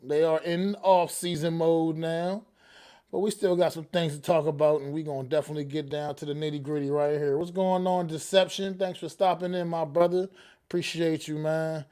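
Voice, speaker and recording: A man's voice: a little high, fairly even intonation, normal speed, warm tone, clean tone. A man hosting a sports podcast in a casual, slangy way, greeting listeners and repeating himself. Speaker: podcast host.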